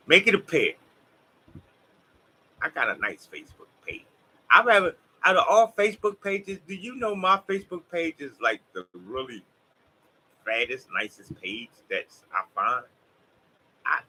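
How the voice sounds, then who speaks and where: High, forceful preachy Southern man. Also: husky, poor audio. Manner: preachy, emphatic, talks straight to the audience. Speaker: vlogger. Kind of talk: rambling motivational monologue to viewers.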